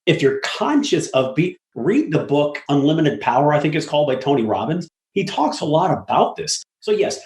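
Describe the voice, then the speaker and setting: With a fairly high pitch, normal speed and few pauses, a middle-aged apartment syndicator tells stories as an interview guest. His casual talk is blunt and profane, and he acts out the voices of those he quotes. It's recorded in an echoey room.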